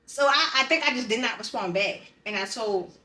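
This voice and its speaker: A woman's voice: fairly high pitch, animated, fairly quick, sharp tone. A woman on a podcast, telling a painful story in a blunt, profane, emotionally raw way. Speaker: podcast co-host. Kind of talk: candid personal conversation. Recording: roomy sound, distant from the mic.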